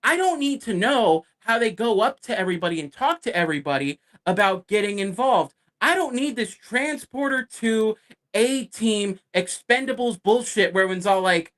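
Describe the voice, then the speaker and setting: A man's voice: sits high, moderate pace. A man co-hosting a casual podcast, ranting and swearing freely, often mimicking other people as he retells what they said. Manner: animated, swears a lot, ranting. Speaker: podcast co-host.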